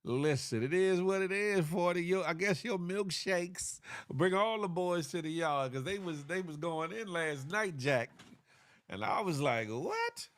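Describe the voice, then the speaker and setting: A man's voice: high voice, lively intonation, measured pace, fairly bright tone, dry recording. A man hosting a casual morning show, tired and a little congested, laid-back and laughing often as he reads viewer comments. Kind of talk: casual live-stream chat reading viewer comments.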